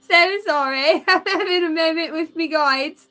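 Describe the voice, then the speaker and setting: A woman's voice: very high voice, expressive, extremely slow, long pauses, bright, forceful tone. A woman doing a live tarot and oracle card reading, giggling often, swearing freely and chatting in asides to her spirit guides.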